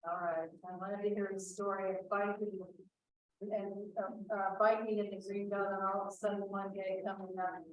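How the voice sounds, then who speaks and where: A woman moderates a panel, talking in a loose, conversational way. She sounds set back from the microphone, and the room adds a clear echo. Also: medium pitch, flat delivery, moderate pace, lo-fi sound, a little hiss or hum. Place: museum event room. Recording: roomy echo, distant mic.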